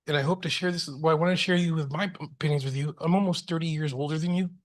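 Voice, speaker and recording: A man's voice: a little high, steady tone, fast talker. A middle-aged man speaking as a school board trustee, earnest and heartfelt, often restarting his sentences. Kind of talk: board meeting remarks.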